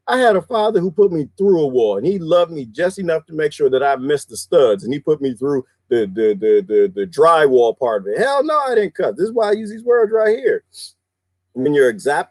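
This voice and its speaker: Giggly Southern host on a livestream, somewhat high and very animated voice, casual. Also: male voice, normal speed, no room sound. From American South. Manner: laughs often, reads word lists aloud.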